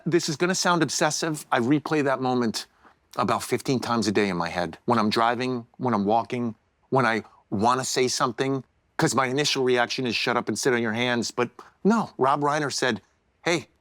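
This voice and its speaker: A middle-aged man, a podcast guest telling a story in a lively way, stumbling and repeating words as he goes. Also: mid-range voice, no echo. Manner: animated storyteller who acts out quotes, repeats words. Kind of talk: casual storytelling in a podcast chat. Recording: dry close-miked studio sound.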